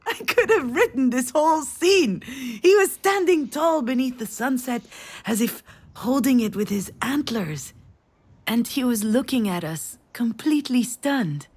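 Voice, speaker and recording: A woman's voice: sits high, expressive, a little slow, breathy edge, full character voice. An actress playing a mother who tells her grown daughter a family memory in a tender storytelling voice. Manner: tender storytelling, rising with emotion.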